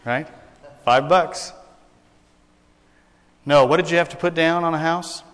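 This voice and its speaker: A man's voice: a little high, fairly even intonation, fast, fairly bright tone, clean tone, long reverb tail. A man preaching a sermon to a congregation, folksy and joking, telling jokes as he goes. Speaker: pastor. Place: church sanctuary.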